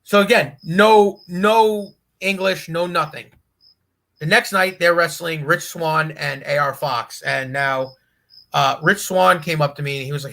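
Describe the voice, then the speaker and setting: A man guesting on a podcast, telling a profane, animated road story and laughing as he goes. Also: fairly high pitch, normal speed, creaky. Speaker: guest wrestler. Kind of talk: casual storytelling.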